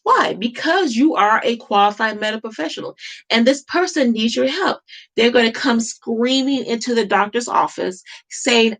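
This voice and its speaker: A woman's voice: on the high side, moderate pace, fairly bright tone. A woman talking to camera in an impassioned monologue, emphatic and repetitive, firing off rhetorical questions. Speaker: vlogger.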